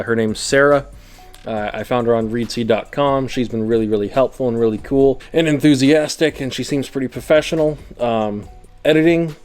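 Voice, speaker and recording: A young man in his twenties with a Midwestern American accent, rambling through a casual vlog and often breaking off mid-sentence. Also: mid-range voice. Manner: rambling, self-interrupting, laughs often. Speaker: vlogger.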